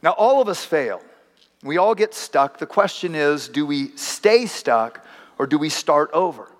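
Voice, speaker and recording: High-voiced man preaching in a reverberant hall. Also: expressive, unhurried. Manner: storytelling preacher acting out voices, wry asides. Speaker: pastor. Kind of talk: sermon.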